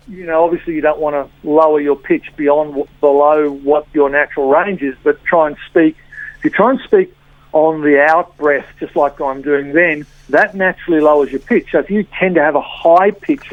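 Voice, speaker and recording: A woman's voice: low-pitched, no echo. A woman guest explains her points over a thin, phone-like line. Her delivery is full of fillers and repeated starts, and the sound is dry with no room to it. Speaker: body language trainer.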